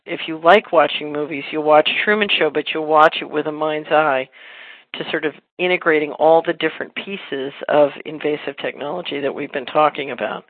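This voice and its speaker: A woman hosting a casual talk show who tells rambling stories in quick bursts and laughs easily. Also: deep voice, steady tone, no echo. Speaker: podcast host. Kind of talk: casual conversation. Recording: phone-line audio, dry.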